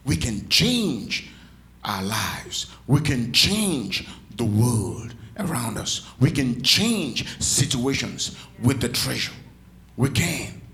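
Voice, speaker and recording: Animated preacher man, drawn-out delivery. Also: mid-range voice, gravelly. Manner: lively preaching, calls to the congregation, playful asides. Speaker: pastor. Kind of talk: sermon. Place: church with congregation.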